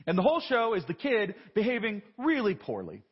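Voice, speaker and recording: A man's voice: high voice, huge pitch swings, fairly quick, breathy edge. A man in his thirties preaching a sermon in a church. He talks in a conversational, self-deprecating way and often asks rhetorical questions. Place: large church. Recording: dull live broadcast with long church reverb.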